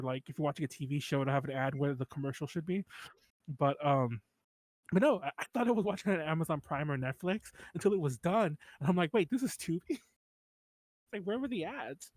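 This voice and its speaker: A man's voice: a little high, a little mellow, dry recording. A man co-hosting a podcast in casual chat, rambling, swearing and laughing often. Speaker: podcast co-host.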